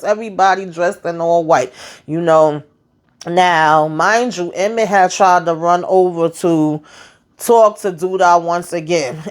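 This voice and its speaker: A woman hosting a casual TV episode recap, animated and exasperated, with slangy asides, acting out the characters' lines as she retells scenes. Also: lowish voice. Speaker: TV show recap host.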